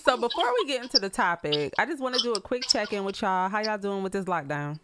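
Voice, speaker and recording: A woman hosting a casual podcast chat, keeping her voice softened and sultry on purpose. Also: mid-range voice, very animated, fast. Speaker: podcast host. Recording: heavy background noise and interference.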